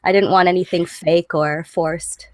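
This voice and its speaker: A lower-pitched Canadian woman, a content creator, talks over a dry video-call line while she is losing her voice. She speaks in a measured, hesitant way, with plenty of ums. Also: steady tone, no echo. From southern England, raised in Canada. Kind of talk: casual online chat.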